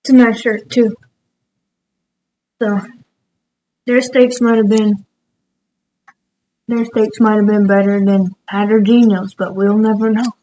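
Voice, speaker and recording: A woman with a warm, mid-range voice speaks slowly and flatly with long pauses, the highs cut off and slight background noise present. She's a cooking vlogger in her home kitchen, talking through her recipe. She rambles casually and laughs at herself as she goes.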